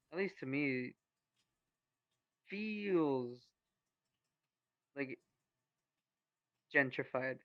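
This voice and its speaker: A man's voice: medium pitch, fairly bright tone, dry recording, dull audio. A man co-hosting a podcast in casual chat, easygoing and joking, with loose slang. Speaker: podcast co-host.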